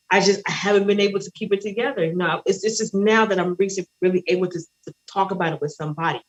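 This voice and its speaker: A woman caller sharing a painful personal story, halting and shaky, with many restarts. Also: medium pitch, a bit bright, highs cut off.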